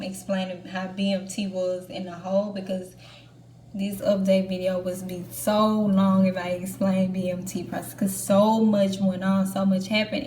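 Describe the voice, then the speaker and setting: A woman's voice: mid-range voice, mellow. Young woman, chatty vlog talk, candid, roomy echo, faint background hum. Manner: chatty, candid, lots of fillers like "like". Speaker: Air Force trainee vlogger. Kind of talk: casual chat to camera.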